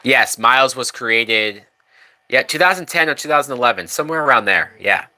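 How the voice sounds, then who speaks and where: Animated and a little fast, this man's mid-range voice sounds pushed and bright. He's drunk and streaming live while casually commenting on a film, cursing loosely, staying chatty, and reading out viewer comments at times.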